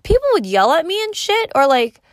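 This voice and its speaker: A woman's voice: very high voice, brisk, dry recording, studio quality. Profane, rambling woman telling stories. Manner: rambling, profane and animated, with many fillers. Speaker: vlogger. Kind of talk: casual storytelling.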